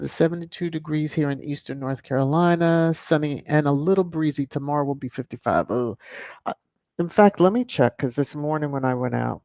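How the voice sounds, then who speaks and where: A woman's voice: deep voice, a little mellow, dry recording, highs cut off. A woman hosting a casual livestream, chatting and greeting viewers by name as she reads their comments aloud. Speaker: channel host.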